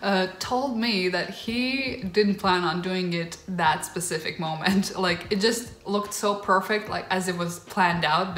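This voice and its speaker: A young woman vlogger telling a personal story in a casual, gushing way, emotional and near tears, with lots of fillers. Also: medium pitch. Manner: gushing, tearful excitement, filler-heavy. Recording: roomy echo.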